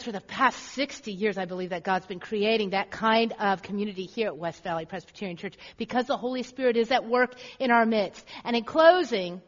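A woman pastor preaching a sermon in a church, earnest and repeating phrases for emphasis. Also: fairly high pitch. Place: church sanctuary. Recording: echoey hall, dull lo-fi sound.

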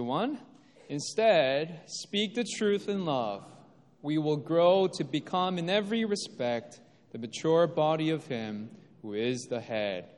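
Animated male preacher in a reverberant hall. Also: on the high side. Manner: emphatic, rises and drops for effect. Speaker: pastor. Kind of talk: sermon.

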